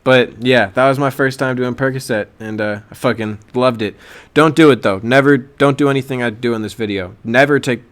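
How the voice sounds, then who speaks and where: A man's voice: mid-range voice, brisk. A young man telling a story in a casual vlog, rambling loosely in heavy slang and laughing often. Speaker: vlogger.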